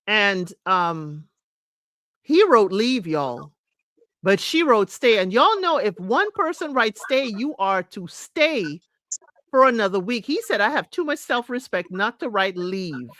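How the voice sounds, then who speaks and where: A woman giving a chatty, animated recap of a reality show, talking straight to her viewers. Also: medium pitch, a little slow, no echo. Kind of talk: casual recap commentary.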